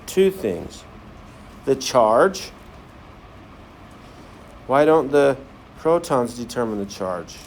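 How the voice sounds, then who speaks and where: A man's voice: medium pitch, big pitch swings, extremely slow, long pauses, a little mellow, a little hiss or hum. A man teaching a science class, firing questions at the students and joking as he runs a demonstration in a classroom. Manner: asks the class many questions, jokey.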